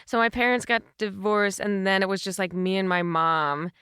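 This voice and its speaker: A woman's voice: medium pitch, fairly even intonation, moderate pace, a bit bright, clear, resonant tone, no echo, clean studio sound. A young woman from Michigan, a guest comedian telling candid stories with plenty of swearing in a casual podcast chat.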